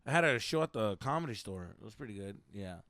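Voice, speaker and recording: A young man, a comedian co-hosting a podcast, telling stories in a profane, animated way while hoarse from a lost voice. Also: fairly low pitch, quick pace, no room sound. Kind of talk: casual podcast chat.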